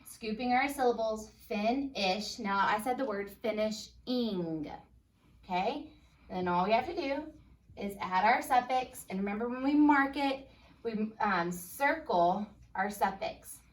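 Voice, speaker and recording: A woman teaching a first grade phonics lesson, upbeat and patient, sounding out words slowly for young children. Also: medium pitch, distant mic.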